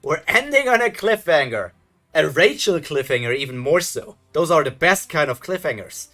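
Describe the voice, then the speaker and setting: Man, reaction video host, casual commentary, musing and hesitant, bright voice, faint music behind. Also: a little high, lively intonation, normal speed. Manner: musing, hesitant, thinking aloud with fillers.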